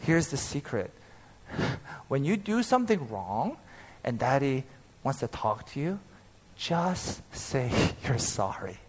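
This thirty-something man, a pastor, shares a personal story from the pulpit, bringing quotes to life and laughing frequently. His husky, mid-range voice moves at an unhurried pace.

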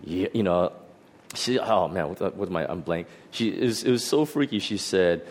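A middle-aged pastor telling a personal testimony in a sermon, animated and full of restarts and fillers. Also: male voice, low voice, normal speed, background noise.

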